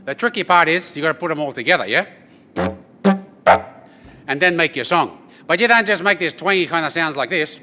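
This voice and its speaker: A man, telling stories and teaching didgeridoo to a live audience in a lively, joking way, checking in with the crowd. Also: a little high, brisk, long pauses, faint music behind. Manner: lively, joking, addresses the crowd with "yeah?" tags. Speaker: didgeridoo performer. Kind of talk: storytelling performance to an audience. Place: event venue with an audience.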